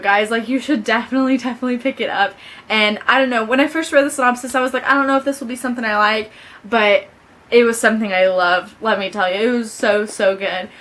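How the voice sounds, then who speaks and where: A woman's voice: a little high, a bit bright. Gushing young woman book vlogger. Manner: gushing, says "like" often. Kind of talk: casual book review chat.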